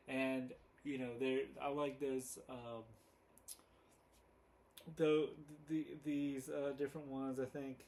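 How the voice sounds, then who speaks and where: Male commentator, slow and flat, hesitant with lots of fillers, casual retrospective talk. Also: mid-range voice. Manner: halting, hesitant, many fillers and restarts. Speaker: video commentator.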